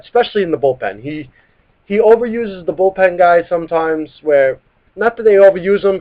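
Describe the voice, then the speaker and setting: A New man in his thirties hosts a live sports talk stream, ranting hot and swearing freely. His voice sits fairly high. The sound is muffled and lo-fi, like a cheap webcast. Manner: heated, profane ranting. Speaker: sports talk show host. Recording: dull lo-fi live stream audio.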